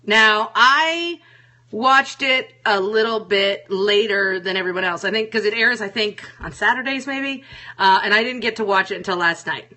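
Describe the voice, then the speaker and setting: Bright, chatty woman host. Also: medium pitch, moderate pace. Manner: chatty and frank, swears freely. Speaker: show host. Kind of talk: casual solo chat, reading viewer comments.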